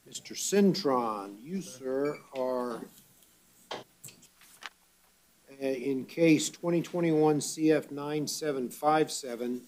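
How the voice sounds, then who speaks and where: A man serving as a judge at a bond hearing, speaking in a measured, formal way with frequent fillers. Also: medium pitch, a little mellow, a little hiss or hum.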